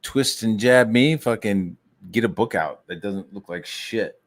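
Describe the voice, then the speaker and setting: Male streamer on an angry, profane rant; lowish voice, mocks rivals in falsetto. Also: measured pace. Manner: angry, swearing, mocks others in high put-on voices. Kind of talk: profane ranting monologue.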